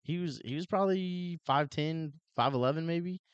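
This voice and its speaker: A man co-hosting a podcast, telling a story in a casual, animated way, full of "like" and "dude" and acted-out quotes. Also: a little high, moderate pace, clear, resonant tone, dry recording, dull audio. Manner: animated, heavy use of "like" and "dude", acts out quotes. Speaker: podcast co-host, police officer.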